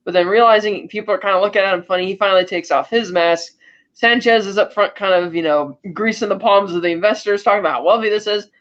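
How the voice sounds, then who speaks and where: A man co-hosting a podcast, retelling a movie plot in a casual, animated way and jumping into quick voices for the characters. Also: sits high, muffled recording. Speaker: podcast co-host. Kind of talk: casual film recap.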